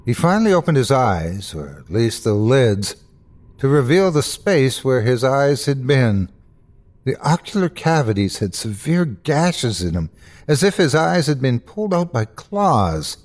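A man hosting and narrating a horror story with a dramatic, expressive delivery. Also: medium pitch, unhurried. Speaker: host and narrator.

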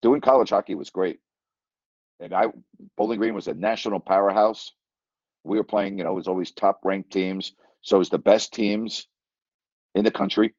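With a fairly low, steady, slightly mellow voice at normal speed and long pauses, an older sports broadcaster rambles through a casual story, repeating phrases and chuckling mid-sentence. The monologue is captured dull and lo-fi, dry with no echo.

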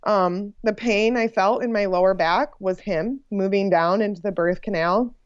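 A young woman telling her birth story in a casual, animated way, full of "like" and laughs. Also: medium pitch, normal speed, clean tone, dry recording, highs cut off. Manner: animated, frequent "like" fillers and laughs. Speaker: podcast guest sharing her birth story.

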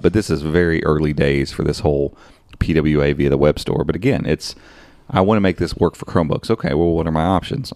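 A man co-hosting a podcast, chatting casually about tech and thinking aloud in a rambling, animated way. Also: very deep voice, dry recording. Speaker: podcast co-host.

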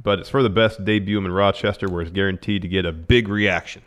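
A man's voice: low-pitched, steady tone, fast, a bit bright. A man co-hosting a podcast, laid-back, reading news items aloud in casual chat. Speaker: podcast co-host.

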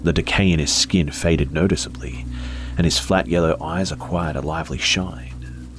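Very deep-voiced male horror narrator. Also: steady tone, moderate pace, over music.

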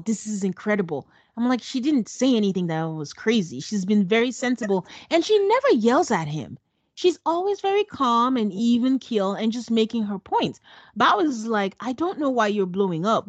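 A woman co-hosting a podcast, recapping a reality show in a sarcastic, animated, chatty way. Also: medium pitch, no echo. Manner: sarcastic, animated storytelling with acted quotes. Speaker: podcast co-host. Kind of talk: casual recap chat.

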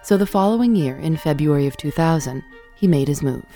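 A woman hosting an audio documentary, narrating in a measured scripted way and putting questions to her guest. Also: deep voice, animated, warm tone, soft background music. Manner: measured, clear storytelling narration. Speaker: host and narrator.

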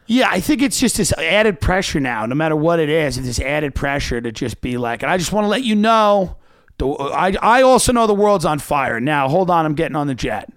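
Brief: comedian guest, man, fairly high and lively voice, dry mic. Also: no echo. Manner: quick agreeing interjections, sarcastic bits. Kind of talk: casual chat.

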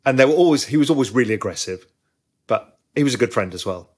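A man with a husky, mid-range voice tells a story from his trading days. He talks fast, with plenty of asides. It sounds like an interview. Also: medium pitch. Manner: animated anecdote-telling, quick asides. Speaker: guest, former trader.

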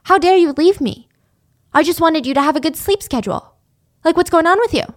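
A woman's voice: very high voice, fairly quick, pitched above the performer's own voice. A woman voicing an arrogant, abusive young boyfriend in her own voice, boastful and indignant.

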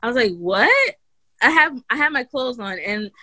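A woman's voice: on the high side, animated, normal speed, a crowd in the background. A woman guest on an interview show, telling her own birth story in casual chat, full of "like" and "you know" and restarts, and she acts out other people's lines in a raised voice. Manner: chatty, heavy use of "like" and "you know", many restarts.

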